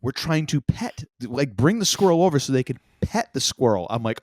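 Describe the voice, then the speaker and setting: Animated rambling older man, podcast host. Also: mid-range voice, normal speed, hardly any pauses, no echo, studio quality. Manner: rambling, animated storyteller with many restarts. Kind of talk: casual chat.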